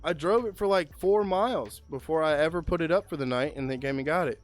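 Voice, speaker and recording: With soft music behind him, a young mechanic co-host talks a little fast in a rather high voice, spinning a lengthy shop tale. He's animated and profane, constantly dropping in "man" and "right?" as he chats.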